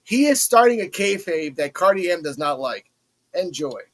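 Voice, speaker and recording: A man hosting a casual wrestling review podcast, talking in an animated way and acting out the wrestlers' lines. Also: sits high, moderate pace, rough recording. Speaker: podcast host.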